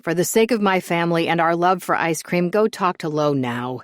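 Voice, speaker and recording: A cocky young man , as a woman reading a story puts him on, teases and bosses in a breezy, joking way. The voice stays low and everyday. It is recorded close and dry. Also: animated, normal speed, no echo, close to an everyday voice. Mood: teasing. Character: cocky, teasing young man who loves attention.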